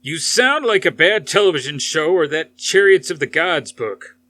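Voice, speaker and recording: A man reading aloud, voicing an angry male professor shouting as he storms out. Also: on the high side, animated, normal speed, dry recording, pitched above the performer's own voice. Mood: indignant. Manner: shouting, indignant parting shot.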